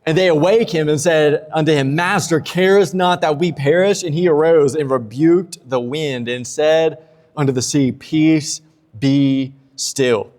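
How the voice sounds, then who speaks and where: A man's voice: on the high side, a little slow, a little mellow. Guy preaching a laid-back funny sermon, echoey church hall. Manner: casual, humorous preaching with acted-out quotes. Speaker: pastor. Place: church sanctuary. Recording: long church reverb.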